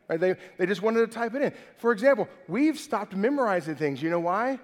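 A man's voice: sits high, lively intonation, fairly quick, few pauses. A man preaching a sermon in a casual, chatty way, tacking "right?" onto his points. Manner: chatty, keeps adding "right?". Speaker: pastor. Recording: long hall reverb.

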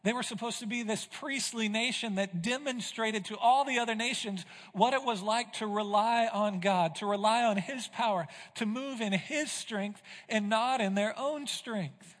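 Male pastor, high-pitched, preaching with dramatic volume swings, long church reverb. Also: moderate pace, hardly any pauses. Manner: dramatic, swings from loud to hushed. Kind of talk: sermon. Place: church sanctuary.

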